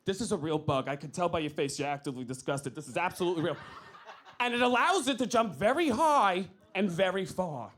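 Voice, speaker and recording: A stand-up comedian from New York with a New York accent, telling a story in an animated, loud way with shouted outbursts. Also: male voice, sits high, fairly quick. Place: comedy club stage. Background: audience laughter.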